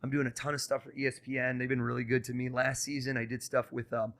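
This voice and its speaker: A young man, a mentalist guest on a podcast, talking fast and coaxing as he reads a host's mind live. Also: medium pitch, level tone, a bit bright. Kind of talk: casual podcast talk with live mind-reading.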